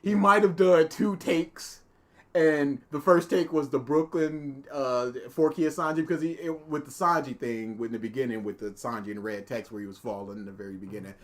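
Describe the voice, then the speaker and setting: A man's voice: medium pitch, moderate pace. A man co-hosting a live react stream, animatedly commenting on a video and acting out quotes.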